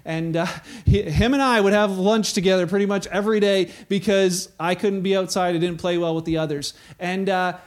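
Man, preacher, high voice, casual sermon, acts out quotes. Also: steady tone, normal speed.

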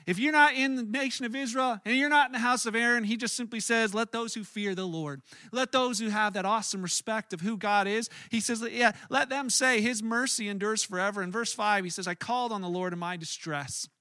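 A pastor gives a sermon in an earnest, conversational way, often stumbling and restarting mid-thought. His voice sits high for a man and sounds bright. The recording is dry, with little room sound. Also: a little fast, few pauses, no echo.

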